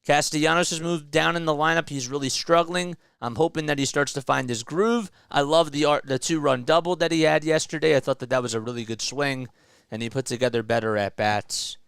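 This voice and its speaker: A man's voice: on the high side, fairly quick, gravelly, fairly bright tone, clean tone, no echo, clean studio sound. A man hosting a solo sports show, ranting with frustration and emphasis about his team's losses and speaking directly to the manager. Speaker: sports commentary host. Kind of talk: solo fan rant about baseball.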